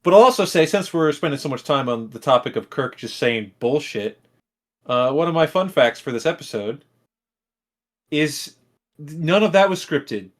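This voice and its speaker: Man, podcast co-host, casual, halting, teasing, slightly high voice. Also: animated. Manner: halting, teasing, shares fun facts. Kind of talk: casual rewatch podcast chat.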